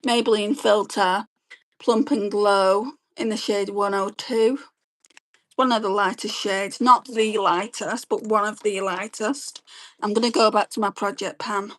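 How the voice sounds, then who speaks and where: Chatty lady doing her makeup live, talks fast, rambles, reads out comments. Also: mid-range voice, steady tone. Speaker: beauty livestreamer. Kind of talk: casual chat while doing makeup and reading live comments.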